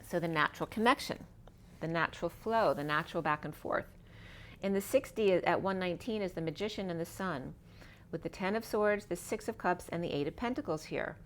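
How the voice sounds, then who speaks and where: A woman's voice: fairly low pitch, brisk, slight background noise. A middle-aged woman giving a spiritual tarot reading, wandering from card to card with free-associating wordplay. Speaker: tarot reader.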